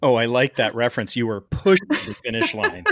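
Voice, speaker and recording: A man's voice: medium pitch, a little fast, no room sound, studio quality. A man from Canada hosting a medical podcast, joking and teasing in casual chat. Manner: jokey, animated, teasing. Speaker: podcast host.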